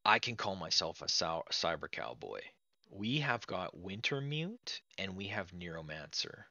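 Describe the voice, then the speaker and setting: Excitable, gravelly-voiced man playing a retro game. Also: low voice, a little slow, dry recording, dull audio. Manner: chatty, excitable, talks to viewers as friends. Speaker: let's play host. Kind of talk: casual game commentary.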